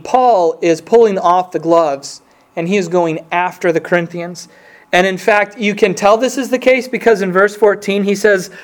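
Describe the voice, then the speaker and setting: A man preaching a sermon in an earnest, conversational way, reading scripture aloud with emphasis. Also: sits high. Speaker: pastor.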